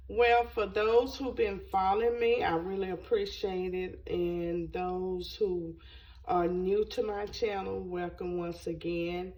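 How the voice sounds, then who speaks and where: Slow-talking congested woman vlogger. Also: lowish voice, steady tone, darkish tone, distant mic, poor audio. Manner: slow, rambling, repeats phrases. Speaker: cooking channel host. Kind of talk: casual chat to camera.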